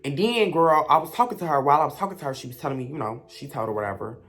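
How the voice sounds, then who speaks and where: A woman's voice: sits low, lively intonation, rapid-fire. A young woman, telling a blunt, gossipy storytime rant as a vlogger.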